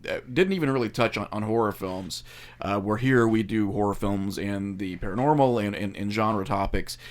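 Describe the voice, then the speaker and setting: A man hosting a podcast, telling his own eerie studio story in a loose, rambling way. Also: on the low side. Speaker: podcast host. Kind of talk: casual chat.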